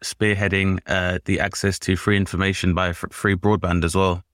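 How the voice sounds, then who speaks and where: A male co-host with a low voice joins the chat with dry jokes. He often stumbles over the start of a sentence. The sound is close and without room echo. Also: flat delivery, moderate pace, fairly bright tone. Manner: joking, hesitant starts. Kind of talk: casual chat.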